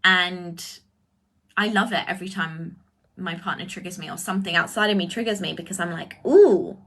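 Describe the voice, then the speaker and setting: A woman acting as a spiritual coach, talking in a casual livestream and answering viewers' comments, with effusive, drawn-out exclamations. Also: on the low side, fairly even intonation, bright, forceful tone. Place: indoors, live video stream.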